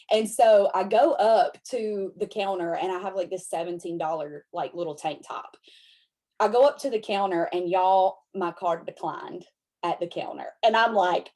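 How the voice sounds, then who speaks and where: A young adult woman, telling a story in a chatty, animated way, full of "like" and "y'all". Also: mid-range voice. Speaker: independent consultant and motivational speaker. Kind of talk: casual live-stream storytelling.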